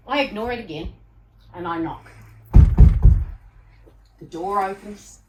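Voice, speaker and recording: Expressive woman telling her story live. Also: mid-range voice. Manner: dramatic, expressive, acts out scenes. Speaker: keynote speaker. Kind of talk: live personal storytelling talk. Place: live venue. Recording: distant mic, faint room noise.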